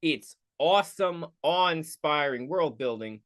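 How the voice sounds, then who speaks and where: A man's voice: fairly high pitch, lively intonation, unhurried, fairly bright tone. A man hosting a casual solo film review podcast, goofy and rambling, often interrupting himself. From United States. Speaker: podcast host.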